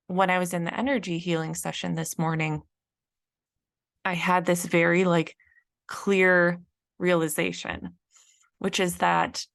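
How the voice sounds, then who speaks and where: Chatty woman with a gravelly low voice. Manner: chatty, many fillers, acts out frustrated quotes. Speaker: podcast host and business coach. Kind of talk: casual solo podcast talk.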